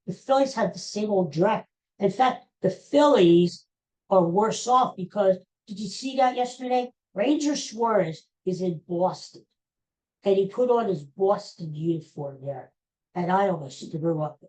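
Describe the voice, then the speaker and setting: A woman's voice: medium pitch, lively intonation, unhurried, a little mellow, low-quality recording. A woman hosting a podcast, delivering an exasperated, sarcastic solo sports rant. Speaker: podcast host.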